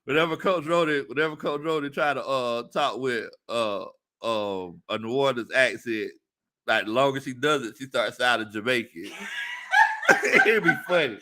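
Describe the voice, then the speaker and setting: A man hosting a casual sports talk stream, reading viewer comments aloud and laughing often. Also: normal speed. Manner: animated, laughs often, jumps into high-pitched squeals. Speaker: sports talk show host.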